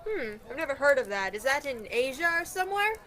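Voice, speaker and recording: A woman's voice: sits high, sing-song, fast, sharp tone, full character voice. A teenage girl playing a chatty, teasing young Viking woman in a school radio play. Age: teens.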